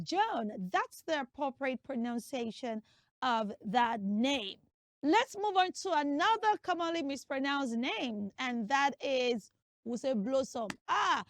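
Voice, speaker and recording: A woman hosting a children's show, teaching name pronunciation in a lively, sing-song way. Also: high-pitched, no echo, studio quality.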